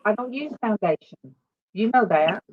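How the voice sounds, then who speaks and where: A woman's voice: medium pitch, expressive, normal speed, narrow, tinny audio. A middle-aged woman hosting a casual livestream chat, reading viewer comments aloud and talking with her daughter. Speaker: host.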